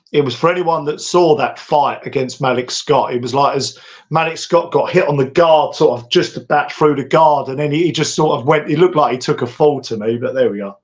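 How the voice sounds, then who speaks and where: A British man co-hosting a casual chat, talking in an animated way with many restarts. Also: medium pitch. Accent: British English. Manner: animated, acts out quotes with lots of restarts. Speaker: podcast co-host. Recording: dull lo-fi audio.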